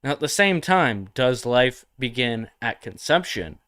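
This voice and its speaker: A man's voice: mid-range voice, sing-song, unhurried, a bit bright, clean tone, dry recording, studio quality. A young man hosting a satirical comedy livestream, talking provocatively and mockingly and reading comments from chat.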